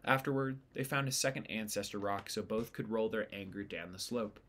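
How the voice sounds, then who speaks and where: Male audiobook reader, low voice, steady storytelling pace. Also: a little fast. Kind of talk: reading a novel aloud.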